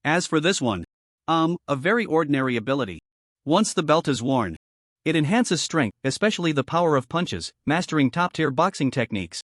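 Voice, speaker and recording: A calm young crafter weighs his creations with light amusement, voiced by a male narrator. The voice sits fairly high and moves in lively swoops, recorded dry and close. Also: fairly quick, no echo. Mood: amused.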